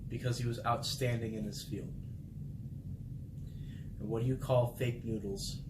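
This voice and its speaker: A man's voice: mid-range voice, normal speed. Young navy guy chatting on his vlog, easygoing then pumped up, roomy echo and noise in the background. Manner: relaxed at first, then upbeat and animated. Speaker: vlog host, Navy sailor. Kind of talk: casual vlog talk. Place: military barracks room. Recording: echoey room with background noise.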